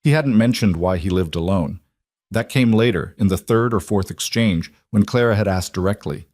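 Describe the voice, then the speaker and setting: Male narrator, low register, dead-dry booth sound; calm, measured storytelling. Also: no room sound. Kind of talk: scripted narration.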